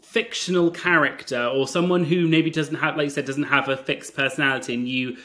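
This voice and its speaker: A man interviewing a guest in a relaxed chat, laughing along and steering the talk with questions. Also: a little high, brisk.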